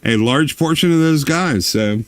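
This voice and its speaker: A man's voice: on the high side, lively intonation, unhurried, no room sound. Joking Southern man on a dry mic. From Atlanta, US South. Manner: laughing, profane, joking. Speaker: podcast co-host. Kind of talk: casual chat.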